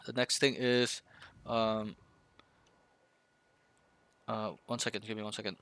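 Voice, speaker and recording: A man's voice: fairly low pitch, level tone, slow pace, very noisy. A man coaching a student through a match review, blunt and profane, often acting out team callouts. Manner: blunt, swears freely, acts out callouts. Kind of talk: casual coaching session.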